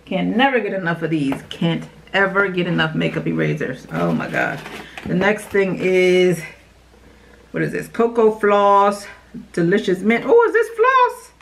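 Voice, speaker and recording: A woman, a beauty YouTuber, chatting excitedly to her viewers while unboxing products in a casual vlog. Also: on the low side, unhurried, gravelly, a little hiss or hum. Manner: bubbly and excitable, talks to viewers as "y'all".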